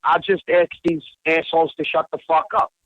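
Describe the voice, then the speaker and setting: A Bangkok bar owner joins a casual phone-in podcast as a guest, rambling through a profanity-laced story. He sounds on the high side, level and fairly bright, talking a little fast. There's no room sound, and the podcast audio is dull and lo-fi.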